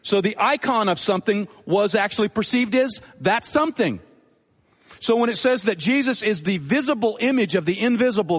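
A pastor preaching a sermon in a measured, teaching manner, repeating his key phrases for emphasis. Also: fairly high pitch. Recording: long hall reverb.

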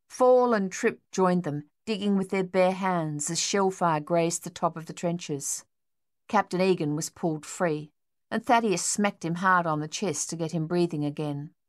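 Woman narrating an audiobook, low and dry. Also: measured pace, no room sound.

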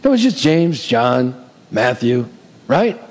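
A man's voice: medium pitch, very animated, takes it slowly, a little mellow, in a large hall, low-quality recording. A male pastor preaching a sermon in a conversational way, asking "amen?" and slipping in light humor.

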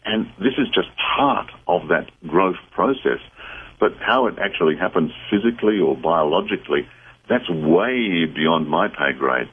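A man's voice: low voice, animated, normal speed, husky. A man talking as a psychic medium guest on a radio call-in, answering callers in an earnest, reassuring way. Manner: earnest, reassuring, advice-giving. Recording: phone-like narrow band.

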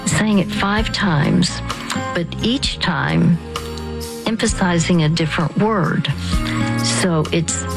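A woman hosting a radio ministry program, teaching a devotional practice in a slow, halting way with frequent restarts. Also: on the low side, vocal fry, music in the background, rough recording.

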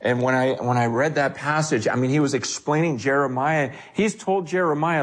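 A middle-aged man preaching a sermon, animated, his delivery swinging from hushed lines to raised, quick ones. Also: medium pitch. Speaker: pastor.

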